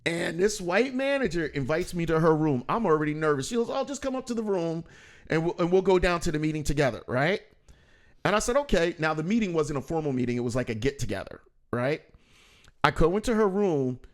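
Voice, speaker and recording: A man hosting a podcast, telling stories in a casual, animated way and acting out quoted voices. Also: a little high, fairly quick. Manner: animated, acts out quoted voices, laughs often. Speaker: podcast host. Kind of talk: casual conversational storytelling.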